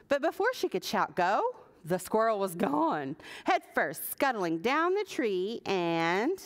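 A woman librarian reading a picture book aloud at preschool story time, animated and asking the children questions. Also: medium pitch, slow.

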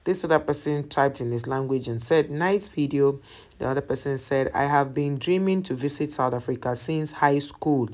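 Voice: medium pitch, moderate pace, darkish tone. A travel channel host, reading out viewer comments in a casual way, reacting to each one and explaining it to the listener.

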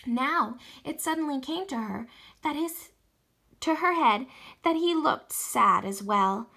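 A woman teacher reading a novel aloud for distance learning, expressive, with small slips and restarts. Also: sits high, slow pace.

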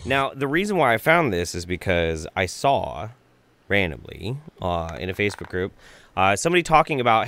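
A man's voice: sits low, sing-song, brisk, a bit bright. A man doing sarcastic, mocking reaction commentary, swearing freely. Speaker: commentary YouTuber.

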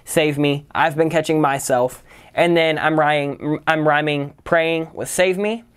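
A man's voice: on the high side, steady tone, measured pace, clear, resonant tone. A man teaching songwriting, casually walking through a song's lyrics line by line and explaining its rhymes and syllable structure. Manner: analytical, breaks lyrics down line by line; casual, uses "kind of" and "right?" often. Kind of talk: lyric-writing tutorial.

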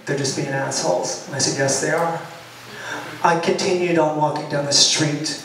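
A high-voiced man tells an animated story to a crowd at a loft party, acting out every line of the exchange. He sounds set back from the mic, and the room rings with a heavy echo. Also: a little hiss or hum. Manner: animated, dramatic retelling with quoted shouts. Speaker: singer telling a story before his song. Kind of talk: storytelling to a live audience. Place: party loft at a bookshop, live event. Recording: roomy, distant live-venue mic.

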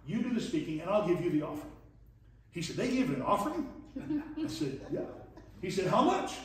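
Folksy preacher in an echoey hall. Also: male voice, high-pitched, big pitch swings, a little fast, slight background noise. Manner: folksy, chuckling storyteller voicing dialogue. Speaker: pastor teaching leadership. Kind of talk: storytelling sermon lesson. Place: church hall. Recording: echoey distant church room recording.

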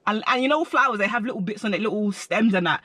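A young man telling a story in a slangy, animated storytime vlog. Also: high-pitched, fast talker, breathy edge, no room sound. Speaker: vlogger.

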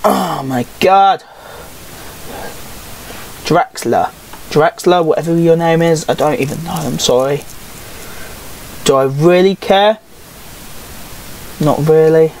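A woman's voice: low voice, slow, long pauses, darkish tone, a little hiss or hum, poor audio. A woman giving casual, grumbling, sarcastic game commentary and swearing freely. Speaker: gaming YouTuber.

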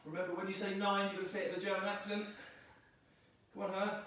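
High-voiced man coaching a workout, echoey. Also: level tone, fast talker, a bit bright, slight background noise. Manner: upbeat, coaching, counts reps aloud. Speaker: fitness trainer. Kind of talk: live workout instruction. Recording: echoey room, mic far off.

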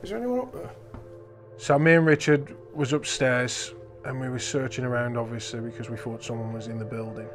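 A man's voice: mid-range voice, little pitch movement, brisk, hardly any pauses, faint music behind. Man calling through an empty building. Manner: hushed, then calling out loudly. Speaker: ghost hunter. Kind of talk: casual chat while exploring. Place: old empty building indoors.

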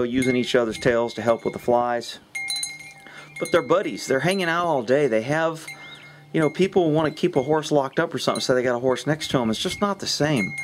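Blunt cussing horse guy ranting outside, wind blowing right into the mic, chimes tinkling behind. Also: medium pitch. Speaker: horse trainer, channel host. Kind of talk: casual outdoor vlog talk. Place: outdoors by a horse pasture. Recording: wind hitting the microphone.

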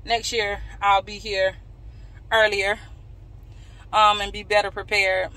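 A bright-toned woman talks straight to her phone camera from the driver's seat, chatty and candid. Her voice is clear and forward, and she drifts into playful asides to her viewers. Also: mid-range voice, flat delivery, slow. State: out of breath. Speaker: vlogger. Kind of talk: casual vlog talk to camera. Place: walking outdoors, then sitting in her car.

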